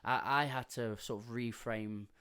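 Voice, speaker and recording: A man's voice: medium pitch, steady tone, unhurried, a bit bright, clean tone. A man hosting a podcast in casual chat, talking freely with British slang and frequent laughter. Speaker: podcast host.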